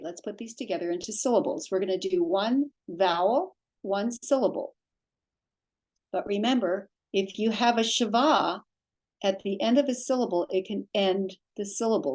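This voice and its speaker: A woman's voice: mid-range voice, moderate pace, darkish tone. A woman teaching Biblical Hebrew, patiently spelling letters and vowels aloud one sound at a time.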